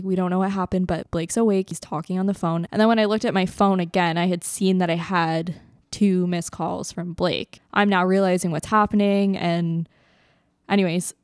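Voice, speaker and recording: A young woman from Canada tells a personal story in a loose, chatty way, filling her sentences with "like" and laughing between lines. Her voice sits a little low and sounds smooth and clear. The sound is dry and close, with no room echo. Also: a little mellow. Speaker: podcast co-host. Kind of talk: casual storytelling.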